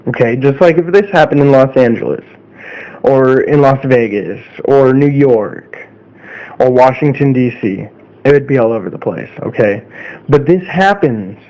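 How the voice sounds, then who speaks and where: A man talks straight to his audience in a casual opinion monologue, earnest and mid-pitched, tagging his points with a questioning "okay?". The sound is slightly dull and lo-fi. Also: animated, normal speed, mellow. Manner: earnest, repeats "okay?" often. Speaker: vlogger.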